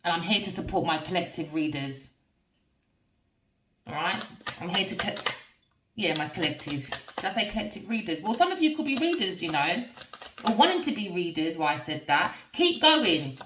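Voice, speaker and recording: A woman giving a casual tarot reading, talking straight to her viewers with lots of tag questions and excited outbursts. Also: fairly low pitch, moderate pace, long pauses, far from the mic, background noise. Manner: addresses viewers directly with frequent tag questions; expressive, with sudden gasps and excited outbursts. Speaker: tarot reader. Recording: roomy sound from away from the mic.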